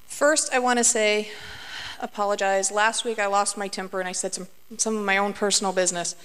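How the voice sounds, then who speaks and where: Woman, teacher, measured public comment, smooth clear voice, hall reverb. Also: mid-range voice, fairly even intonation, fairly bright tone. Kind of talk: prepared public comment at a school board meeting. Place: large meeting hall.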